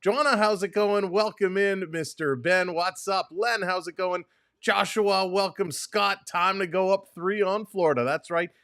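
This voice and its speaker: A man's voice: sits high, a little slow, fairly bright tone, no room sound, studio quality. A man hosting a live hockey watch-along stream, greeting chat viewers by name in an upbeat, casual way. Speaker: sports stream host.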